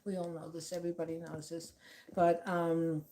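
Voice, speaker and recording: A woman's voice: fairly low pitch, level tone, normal speed, mellow. A middle-aged woman vlogger talking in a rambling, sarcastic way, full of fillers and asides. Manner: sarcastic, meandering, many fillers. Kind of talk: casual rambling commentary.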